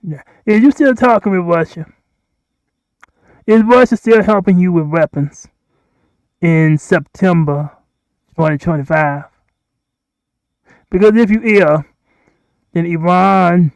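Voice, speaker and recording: A man's voice: high voice, slow pace, long pauses, clear, resonant tone, dry recording. A man hosting a rambling solo livestream, repeating himself and pleading with the countries he addresses. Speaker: livestream host.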